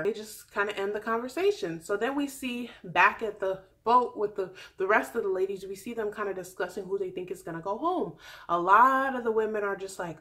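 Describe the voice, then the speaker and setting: A woman's voice: mid-range voice, fairly quick. Sassy chatty woman vlogger. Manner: chatty, sassy, animated with mock quotes. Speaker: vlogger recapping a reality show. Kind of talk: casual recap vlog.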